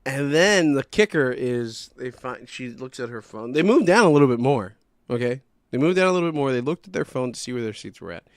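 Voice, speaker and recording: A young man hosting a podcast, telling a rambling, profane story in a casual, animated way. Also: medium pitch, fairly quick, few pauses, dry recording, clean studio sound. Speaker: podcast host.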